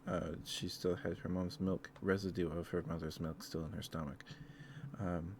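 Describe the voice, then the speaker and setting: Low-voiced man rambling softly for ASMR. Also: level tone, moderate pace, noisy background. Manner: rambling, hesitant, many fillers; tender, easily moved. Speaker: ASMR streamer. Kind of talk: soft-spoken ASMR ramble.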